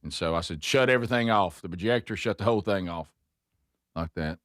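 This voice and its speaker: A man's voice: sits low, a little fast, fairly bright tone, no room sound, clean studio sound. A man hosting a show, telling a long, rambling, self-mocking story with many restarts. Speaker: host. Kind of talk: casual chat, storytelling.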